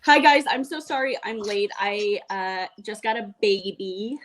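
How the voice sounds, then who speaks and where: Young woman from Ukraine, deadpan comic guest, video call from a home room. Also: mid-range voice, a little slow, slight background noise. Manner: wry, deadpan jokes. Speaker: comedian guest. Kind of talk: casual video-call interview. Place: home room being turned into a studio. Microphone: laptop or phone on a video call.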